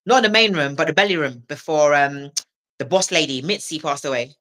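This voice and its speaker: A woman from England, a comedian guest on a podcast, telling stories in lively casual chat and acting out what people said to her. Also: low-pitched, a little fast. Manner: animated storyteller who acts out quoted voices and laughs often.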